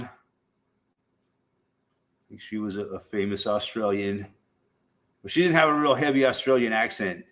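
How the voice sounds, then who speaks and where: A man's voice: mid-range voice, a bit bright. A middle-aged American man hosting a casual, rambling chat, swearing freely and laughing between thoughts. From United States. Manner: swearing, laughs often, drawn-out slow talk. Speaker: livestream host.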